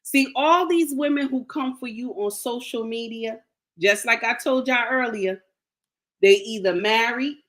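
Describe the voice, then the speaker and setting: A woman's voice: on the high side, measured pace, a bit bright. A woman giving blunt, emphatic relationship advice straight to camera, scolding and repeating her points for weight. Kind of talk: direct-to-camera advice monologue.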